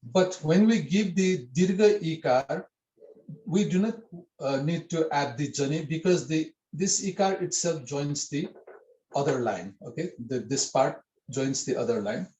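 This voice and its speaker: A man's voice: a little high, measured pace, warm tone, reverberant, poor audio. A man teaching a writing script in an online lesson, explaining patiently and repeating himself with many fillers over a video call.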